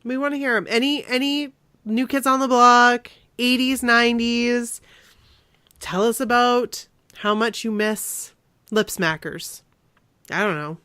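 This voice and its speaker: A woman's voice: on the high side, a little slow, sharp tone, smooth, no room sound. A woman in her forties, guest co-host of a podcast, chatting in a bubbly, enthusiastic way. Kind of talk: casual chat.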